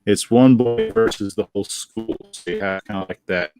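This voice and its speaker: A man's voice: fairly low pitch, normal speed, darkish tone, soft background music, low-quality recording. A man co-hosting a casual talk show, speaking in a laid-back, rambling, hesitant way. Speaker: co-host. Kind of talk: casual chat.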